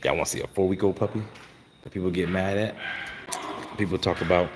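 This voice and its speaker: A man's voice: low voice, fairly even intonation, fast, heavy background noise. A man breeding dogs, vlogging live at night outdoors in his kennel yard, rambling and talking to himself as he films on his phone. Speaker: dog breeder. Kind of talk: casual live vlog. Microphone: handheld phone camera. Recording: loud crickets and insects at night. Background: crickets and night insects.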